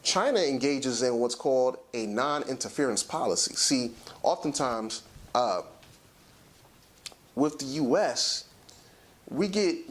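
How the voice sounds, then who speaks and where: A man hosting a talk show, giving a lecturing, emphatic commentary and slowing down to stress his points. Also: medium pitch.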